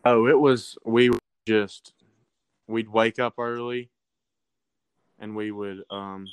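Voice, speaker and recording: A man's voice: on the low side, steady tone, smooth, low-quality recording. Teenage guy with a Southern drawl. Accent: Alabama. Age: teens. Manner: halting, with many ums and restarts. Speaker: baseball recruit guest. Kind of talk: casual interview answers.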